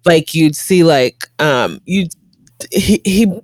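A woman's voice: sits low, animated, takes it slowly, a little mellow, no echo, studio quality. A woman in her thirties chatting casually over a video call, rambling with many fillers and frequent laughs. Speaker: guest in a conversation. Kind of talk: casual chat.

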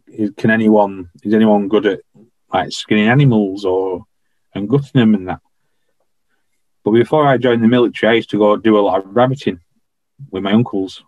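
On a podcast, a man who used to be a royal guardsman shares easygoing anecdotes peppered with regional expressions, saying things like "I was stood." He has a fairly low voice, captured close and dry with no room sound, though the audio is poor.

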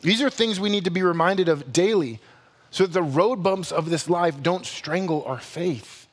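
A man preaching a sermon with a notably high voice for a man, and his words ring out with a long reverb, as if filling a church hall. He keeps it conversational and animated, slipping in playful asides and correcting himself with humor. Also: normal speed. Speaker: pastor.

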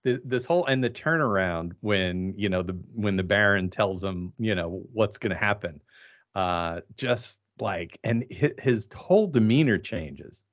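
A man co-hosting a casual film discussion, relaxed and chiming in with short remarks. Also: lowish voice, a little slow, dull audio. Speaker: podcast co-host.

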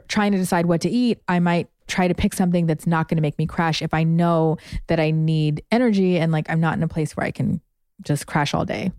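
A woman's voice: fairly low pitch, darkish tone, no echo, studio quality. A woman with a Boston accent co-hosting a nutrition podcast, chatty and laughing often. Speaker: podcast co-host. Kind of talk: casual chat.

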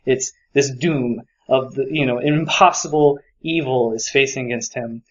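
A man's voice: mid-range voice, fairly even intonation, moderate pace, dull audio. A man co-hosting a podcast, talking enthusiastically about a book and rambling with many fillers. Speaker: podcast co-host. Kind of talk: casual book discussion.

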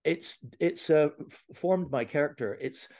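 A comedian born in Scotland and raised in Canada, talking haltingly as an interview guest, with a Canadian accent that has traces of Scottish. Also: male voice, on the high side, a little mellow. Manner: halting, with restarts and stammers. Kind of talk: casual interview chat.

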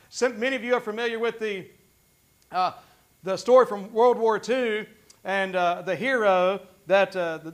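A man's voice: very high-pitched, fairly bright tone. A man preaching a sermon as pastor, fervent and conversational, often restarting his sentences.

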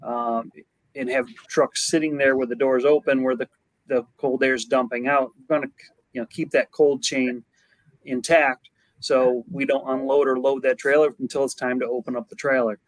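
A man's voice: mid-range voice, little pitch movement, normal speed, no echo, rough recording. A company manager answering interview questions, a man who speaks plainly with many hesitations.

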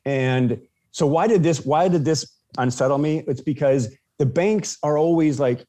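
A man's voice: fairly high pitch, a little slow, dark tone. A man casually telling a personal story as a podcast guest, with many restarts and fillers.

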